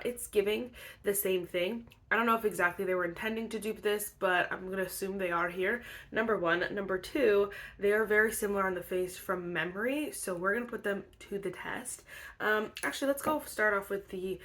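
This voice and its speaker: A woman's voice: medium pitch, fairly bright tone. A young woman chatting casually as a beauty vlogger, bubbly and full of fillers, sounding a bit stuffy and congested. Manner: bubbly, chatty, filler-heavy with frequent laughs. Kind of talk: casual chat.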